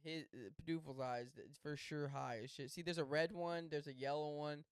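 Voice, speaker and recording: A man's voice: a little high, steady tone, normal speed, smooth, no room sound, clean studio sound. A young man co-hosting a podcast, laid-back and joking, with slangy swearing. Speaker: podcast co-host. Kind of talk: casual podcast chat.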